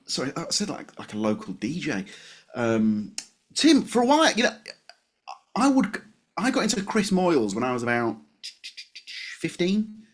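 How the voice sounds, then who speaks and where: A man co-hosting a podcast in casual chat, animated and quick to laugh at his own jokes. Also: fairly high pitch. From West Yorkshire, England. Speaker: podcast co-host.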